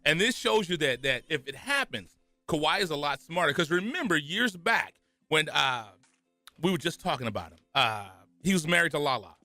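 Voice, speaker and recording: A man's voice: on the high side, big pitch swings, normal speed, sharp tone, dry recording, soft background music. A man from California co-hosting a sports talk radio show, bantering playfully with his partner. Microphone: studio microphone.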